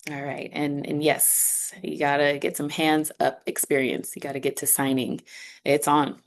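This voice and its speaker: A woman's voice: low-pitched, flat delivery, moderate pace, creaky. A woman speaking for a sign language instructor, walking students through an online course in an upbeat, conversational way. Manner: conversational, upbeat, explaining step by step. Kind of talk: online class walkthrough.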